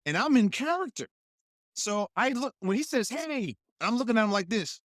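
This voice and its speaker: A man's voice: very high voice, moderate pace, no room sound, studio quality. A man who is a guest actor, telling a story in casual chat and animatedly acting out the voices he quotes. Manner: animated, acts out quoted voices, laughs often.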